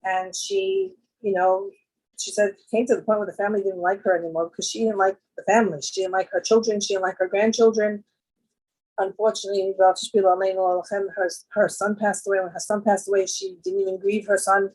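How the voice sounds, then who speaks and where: A woman with a husky, slightly breathy voice, telling anecdotes at a women's gathering. She talks in a loose, chatty way, full of fillers. She often lifts into animated voices for the people she quotes. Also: mid-range voice, a little fast, low-quality recording. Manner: conversational, with many fillers and jumps into quoted voices. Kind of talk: storytelling talk.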